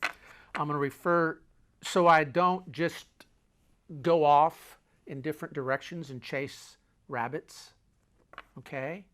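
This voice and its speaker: A man's voice: on the high side, fairly even intonation, takes it slowly, long pauses. Middle-aged male host, folksy motivational speaker, hammers his points home by repetition. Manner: emphatic, repeats key phrases, swings loud and quiet; folksy, talks with his hands. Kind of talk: motivational talk.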